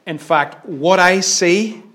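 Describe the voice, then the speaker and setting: A middle-aged man preaching a sermon, impassioned, swinging between loud declarations and hushed lines. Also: high voice, slow pace.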